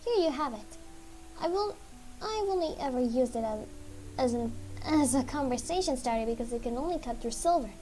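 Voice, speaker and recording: A woman's voice: high voice, animated, fairly quick, dark tone. A woman voicing a small, fussy mouse who lost a sword, talking in a theatrical, pleading way. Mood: gracious. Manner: theatrical, pleading, self-pitying.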